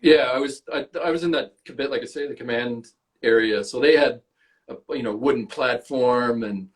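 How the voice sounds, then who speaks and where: This man, a Canadian-accented actor appearing as a podcast guest, has a medium-pitched voice and talks at normal speed. His stories are relaxed and full of acted-out quotes, and he doesn't hold back on the swearing.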